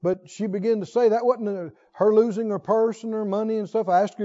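A man with a high voice preaches a sermon, moving between quiet storytelling and loud emphasis. The recording sounds dull and lo-fi. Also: steady tone, brisk, hardly any pauses, big-room sound. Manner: storytelling, swings between soft low asides and loud emphatic lines.

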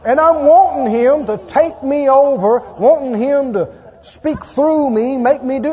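A man's voice: very high-pitched, a little slow, a little mellow. A man preaching a sermon and leading an altar call, emphatic and pleading in a repetitive preaching cadence. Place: church sanctuary. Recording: dull echoey church recording.

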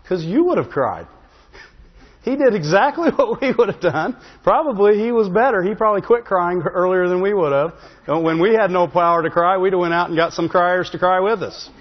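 A man with a high voice preaches in a church sanctuary, and his words ring out with a long reverb. He tells the story in a humorous, conversational way and keeps asking the congregation "Amen?" The recording sounds slightly dull. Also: lively intonation, moderate pace. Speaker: pastor. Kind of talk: sermon.

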